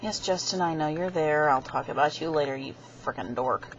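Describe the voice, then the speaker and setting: A young woman with a low voice tells a rambling, chatty story straight to her webcam. She slips into little voices for the people she quotes, and the sound is dull and lo-fi with a faint hiss underneath. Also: fairly quick. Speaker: vlogger.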